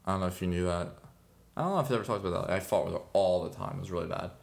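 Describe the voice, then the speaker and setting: Low-voiced young man rambling casually. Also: racing, vocal fry. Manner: rambling, laughs often, lots of fillers. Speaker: podcast co-host. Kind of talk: casual chat.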